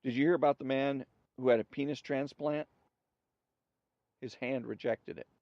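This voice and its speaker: A man hosting a show, reading jokes aloud in a relaxed storytelling way and acting out the characters' lines. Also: mid-range voice, normal speed, no echo, lo-fi sound. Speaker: host.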